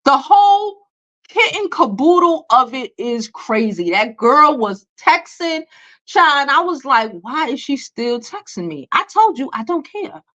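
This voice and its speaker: A woman's voice: high voice, very animated, measured pace, pushed and bright, poor audio. A young woman, hosting a casual celebrity commentary vlog in a blunt, profane, dismissive way with many fillers. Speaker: beauty and celebrity news host.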